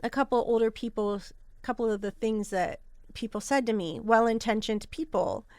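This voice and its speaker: A woman's voice: fairly high pitch, moderate pace, no echo. Candid woman telling a personal story. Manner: candid, earnest and animated. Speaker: podcast host.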